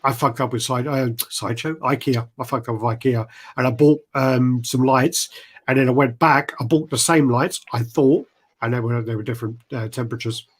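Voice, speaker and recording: A man's voice: mid-range voice, fairly even intonation, normal speed, slightly rough. A man hosting a casual livestream chat, easygoing, laughing often and reading out viewer names. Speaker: host reading live chat.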